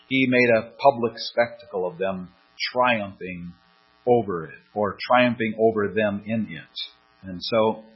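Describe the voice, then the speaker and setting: Male preacher, low husky voice, earnest and measured, dull lo-fi church recording. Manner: earnest, deliberate, stresses key words. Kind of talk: expository sermon.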